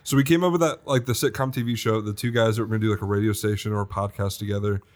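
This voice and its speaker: A man's voice: fairly low pitch, steady tone, rapid-fire. A man co-hosting a podcast in casual chat, rambling and chatty with many fillers and restarts. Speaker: podcast co-host.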